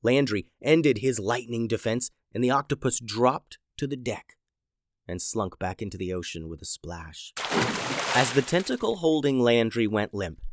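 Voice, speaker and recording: A man narrating a children's adventure story in an animated, dramatic way. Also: medium pitch, moderate pace, no room sound.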